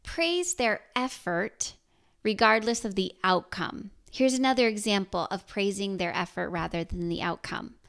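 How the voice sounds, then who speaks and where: A middle-aged woman hosting a parenting podcast, speaking in a gentle, encouraging way and asking her listeners questions. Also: medium pitch, unhurried, gravelly. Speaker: podcast host.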